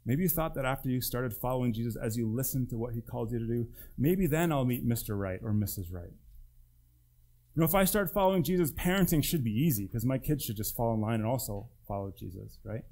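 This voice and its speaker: A male pastor preaches in church in a conversational yet emphatic way, putting direct questions to the congregation and acting out quotes. His voice is mid-range and darkish, animated, and quick.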